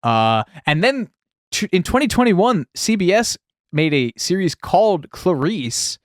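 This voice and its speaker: A man's voice: high-pitched, very animated, measured pace, dry recording, clean studio sound. Wry man co-hosting a film podcast. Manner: wry, quoting sources, sarcastic asides. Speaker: podcast co-host. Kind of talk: casual podcast chat reading out film history.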